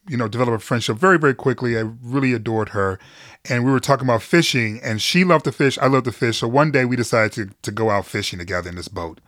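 A middle-aged man tells personal stories in a frank, earnest way, laughing easily and swearing casually. His voice sits at an ordinary pitch. The recording is dry and close, with no room echo. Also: fairly bright tone. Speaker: guest, journalist and podcaster. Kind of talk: candid conversational storytelling.

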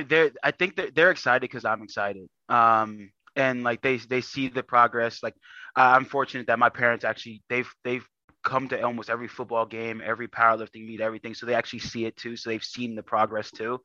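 Bright-voiced man telling stories casually. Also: mid-range voice, moderate pace, no echo, highs cut off. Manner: storytelling, animated with frequent fillers. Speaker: guest athlete. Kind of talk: casual podcast chat.

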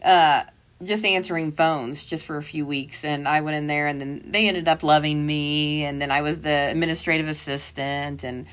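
A woman's voice: deep voice, fairly even intonation, normal speed. Giggly woman, rambling. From Indiana. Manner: rambling, laughs often, restarts. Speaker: podcast co-host. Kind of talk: casual chat.

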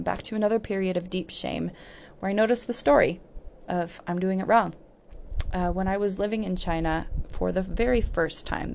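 A woman's voice: lowish voice, creaky, darkish tone. A woman hosting a podcast, telling a candid personal story in a reflective way, with frequent "like" fillers. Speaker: podcast host. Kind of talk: personal storytelling about healing.

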